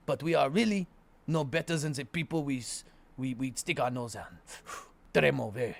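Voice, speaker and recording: A man voicing a smug, superior Quebecois man in a put-on French-Canadian accent, low and drawling. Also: moderate pace, gravelly. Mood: smug mocking.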